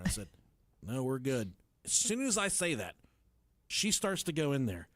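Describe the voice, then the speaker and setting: Animated profane storyteller man. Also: mid-range voice, moderate pace, dry recording. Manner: animated, profane, laughs through his story. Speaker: podcast co-host.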